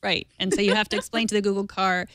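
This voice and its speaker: A woman hosting a tech news talk show, introducing stories in a relaxed, chatty way with light humor. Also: medium pitch, quick pace, no echo. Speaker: host.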